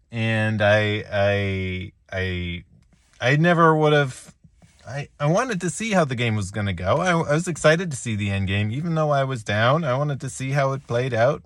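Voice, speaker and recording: A man talking to his viewers after a lost chess game, joking at his own expense with halting restarts and small laughs. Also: medium pitch, fairly bright tone, dry recording. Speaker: chess vlogger. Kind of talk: rambling self-deprecating reflection.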